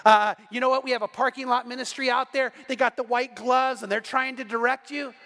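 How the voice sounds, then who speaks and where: A male pastor preaching in a lively, conversational way, slipping into quick acted-out quotes. His voice sits high for a man, and it carries a long reverb that rings through a church hall. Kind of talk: sermon.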